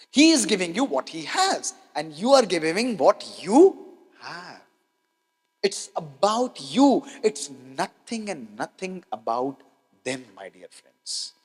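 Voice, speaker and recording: A doctor from India gives a motivational health talk to an audience in a large hall, speaking emphatically with repeated key lines and rhetorical questions. His voice sits high and sing-song at a moderate pace, with long hall reverb on the recording.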